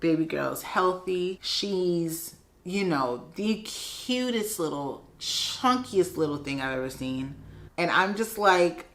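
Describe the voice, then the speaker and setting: Low-voiced woman telling a story. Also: slow. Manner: animated, acts out the voices of people in her story. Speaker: vlogger. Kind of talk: casual storytelling vlog.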